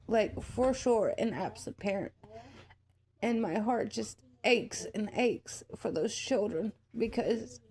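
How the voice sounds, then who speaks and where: A young woman vlogger talking through near tears, heartfelt and rambling with many fillers, as she shares a personal story. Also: a little high. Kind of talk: emotional personal commentary. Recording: child noise in the background. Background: child yelling nearby.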